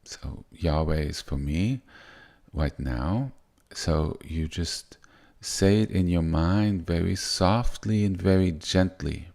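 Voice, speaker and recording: A man giving soft-spoken, unhurried spiritual teaching, often restarting his sentences. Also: sits low, vocal fry.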